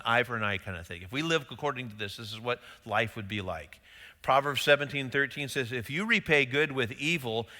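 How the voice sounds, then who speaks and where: A middle-aged male pastor preaching in a loose, conversational way, firing off rhetorical questions and slipping into quick quoted voices. His tone is very bright and forward. The sound rings out with a long reverb, as in a large church sanctuary. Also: medium pitch. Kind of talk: sermon.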